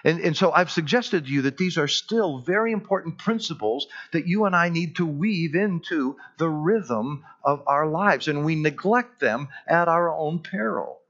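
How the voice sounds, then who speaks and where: A man preaching a sermon as pastor in a church, earnest and emphatic, slowing down on key words. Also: on the high side, expressive, a bit bright, highs cut off.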